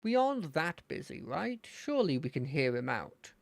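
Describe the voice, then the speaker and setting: A streamer voicing a gentle female champion trainer from a fangame, speaking softly and coaxingly. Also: medium pitch, very animated, normal speed, vocal fry, no room sound.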